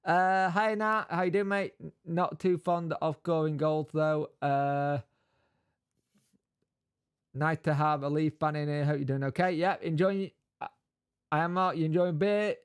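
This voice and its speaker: A man's voice: on the high side, steady tone, unhurried, clear, resonant tone. A man hosting a casual live stream, greeting viewers by name and reading out news between chat.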